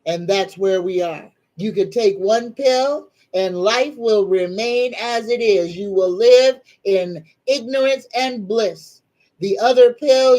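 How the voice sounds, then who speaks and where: A middle-aged woman, hosting a casual psychic livestream and greeting viewers in a slow, folksy, drawn-out way. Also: mid-range voice, a little mellow, rough recording. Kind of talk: casual live-stream chat.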